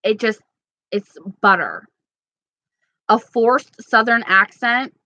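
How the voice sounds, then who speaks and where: A woman's voice: a little high, slow, pushed and bright, dry recording, muffled recording. A woman from New York, chatting casually and giggling as she rambles through viewer comments as a beauty vlogger. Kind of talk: casual live chat reading comments.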